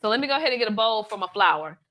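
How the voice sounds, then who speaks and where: A woman's voice: medium pitch, animated, racing, bright, forceful tone. A woman from Atlanta, hosting a live cooking demo in a chatty, playful way, teasing her viewers. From Atlanta, USA. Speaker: cooking show host, baker.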